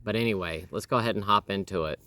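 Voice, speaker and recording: A man's voice: on the low side, quick pace, bright, forceful tone. A man in his thirties hosting a casual home interview with his wife, rambling with lots of fillers and restarts.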